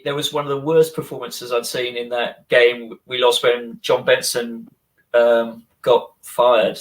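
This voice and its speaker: A man's voice: medium pitch, a bit bright. A man hosting a fan podcast, eagerly reminiscing about old matches in casual chat.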